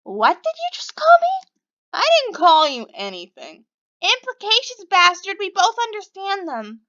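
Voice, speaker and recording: A woman's voice: extremely high pitch, huge pitch swings, a little slow, bright, forceful tone, no echo, muffled recording, pitched above the performer's own voice, full character voice. A woman voicing a prickly, sarcastic young woman in a visual novel, snappy and indignant. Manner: snappy, indignant, mock-dramatic.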